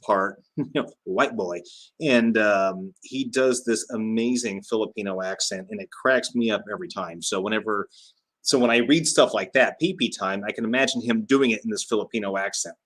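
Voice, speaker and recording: A man's voice: fairly low pitch, normal speed, fairly bright tone. A man hosting a casual livestream, chatting and reading out viewer comments with frequent fillers and laughs. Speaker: livestream host.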